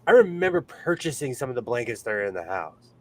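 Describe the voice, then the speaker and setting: A man's voice: mid-range voice, sing-song, quick pace. A man from California hosting a sewing livestream, chatting casually, laughing often and reading the chat aloud.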